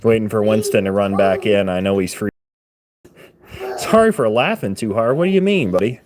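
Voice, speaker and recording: A man's voice: fairly low pitch, lively intonation, moderate pace, a little mellow, a little hiss or hum. A man hosting a casual live stream, chatting loosely with viewers and greeting them by name, often laughing as he talks into a handheld phone.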